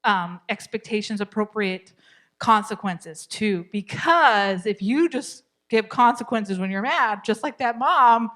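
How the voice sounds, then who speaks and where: A middle-aged woman teaching a parenting class to a live group, chatty and lively, often laughing and acting out what parents and kids say. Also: on the high side, a little slow. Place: church meeting room.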